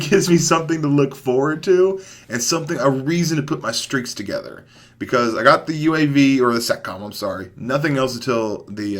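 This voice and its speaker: Excitable young man doing game commentary. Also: medium pitch. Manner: excitable, swings from mumbled asides to loud hype outbursts. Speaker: gaming commentator. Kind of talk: casual gameplay commentary.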